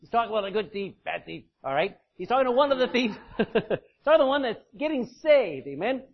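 A man's voice: very high-pitched, very animated, a little fast, creaky. A man preaching an interactive sermon to a congregation, emphatic in his points and calling on listeners by name to read verses aloud. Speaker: preacher teaching a Bible study. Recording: dull lo-fi recording.

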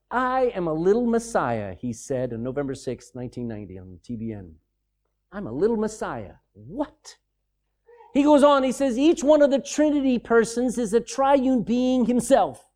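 A man preaching a sermon, animated and emphatic, with mocking, sarcastic asides. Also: medium pitch.

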